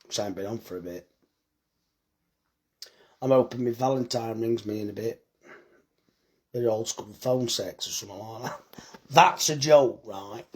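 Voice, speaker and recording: Speaking at a medium pitch with a slightly mellow tone, a tired man reads comments during a live phone stream about his butcher's shop. He's blunt, jokes around, and swears as he chats.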